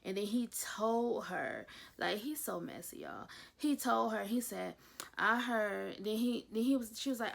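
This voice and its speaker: Gravelly-voiced chatty woman vlogger. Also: mid-range voice, expressive. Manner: chatty, gossipy, retells scenes with quick asides. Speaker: YouTube reviewer. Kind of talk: casual TV episode recap.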